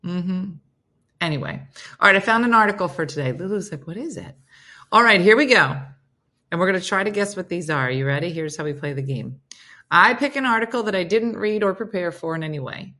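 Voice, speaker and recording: A woman's voice: fairly low pitch, expressive, brisk, sharp tone. Chatty woman hosting a morning livestream. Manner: chatty, playful, talks to her dog and viewer comments. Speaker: livestream host. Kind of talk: casual morning livestream chat. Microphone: phone.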